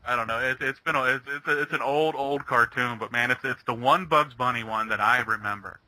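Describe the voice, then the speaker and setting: A man's voice: medium pitch, brisk, bright, forceful tone, rough recording. A man chatting casually and retelling a cartoon plot, rambling with many restarts. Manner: rambling storyteller, stumbling restarts. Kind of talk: casual chat.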